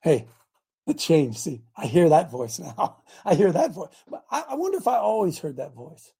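A man with a high, gravelly voice preaches on his radio show, emphatic and rambling, often breaking off into asides. His tone is dark and husky rather than bright.

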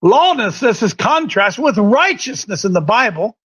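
A man preaching an impassioned sermon, swinging between shouted declarations and quieter, lower asides. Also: sing-song, normal speed, breathy edge. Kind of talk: fiery sermon. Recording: dull lo-fi recording.

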